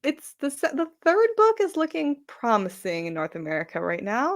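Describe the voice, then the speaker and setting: This novelist guest chats enthusiastically on a video-call live-stream, full of filler and frequent restarts. Her voice sits high with huge pitch swings, and she talks at normal speed with hardly any pauses.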